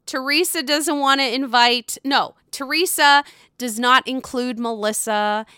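A woman recapping reality TV in a casual, gossipy way, swearing freely and jumping into high squeals. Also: measured pace, clean tone, no echo, clean studio sound. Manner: gossipy, profane, animated with sudden high squeals.

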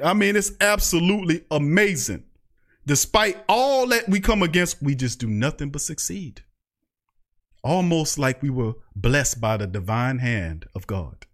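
New guy hosting a live sports stream, high voice, all fired up and trash talking. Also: expressive, unhurried. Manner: loud, hyped, trash-talking, reads out chat. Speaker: podcast host. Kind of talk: fired-up livestream sports talk.

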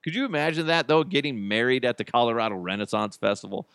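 A man's voice: medium pitch, fast talker, gravelly, a bit bright, clean tone, dry recording, clean studio sound. A man hosting a podcast in casual solo chat, rambling and joking with lots of filler words. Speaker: podcast host.

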